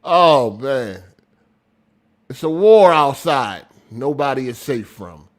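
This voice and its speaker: A man hosting a casual gaming podcast livestream, reading viewer messages aloud, talking loud and animated, laughing often, in street slang. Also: medium pitch, takes it slowly. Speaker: podcast host reading super chats.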